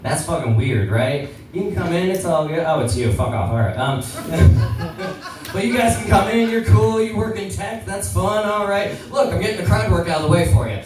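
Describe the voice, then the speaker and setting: A man's voice: high voice, expressive, a little fast, hardly any pauses, music in the background. A man doing a rambling, self-deprecating stand-up set full of swearing and crowd work. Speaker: stand-up comedian. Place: small comedy venue. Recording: echoey room from far off, crowd audible.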